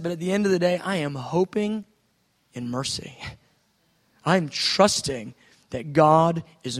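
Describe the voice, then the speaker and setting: High-voiced male preacher, soft to shouting. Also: in a large hall. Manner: swings from soft musing to loud excited outbursts. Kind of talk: sermon.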